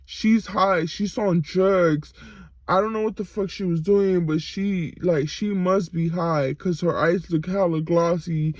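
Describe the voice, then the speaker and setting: A woman's voice: fairly low pitch, steady tone, measured pace, darkish tone, dry recording, pitched below the performer's own voice. A woman voicing her angry stepfather, dismissive and swearing as he accuses her. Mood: accusing. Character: angry stepfather, grown man, scornful and accusing.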